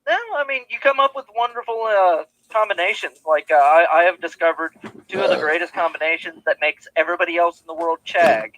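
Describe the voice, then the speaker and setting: A man's voice: fairly high pitch, a little fast, fairly bright tone, slight background noise, rough recording. A man co-hosting a podcast in casual chat, teasing and emphatic. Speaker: podcast co-host.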